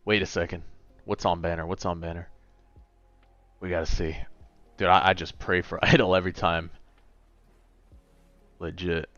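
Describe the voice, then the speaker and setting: A man's voice: sits low, flat delivery, moderate pace, pauses often, a bit bright, dry recording, highs cut off, soft background music. A man in his late twenties chatting casually and a little tiredly on a gaming livestream, reading and answering chat. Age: late 20s. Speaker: gaming streamer.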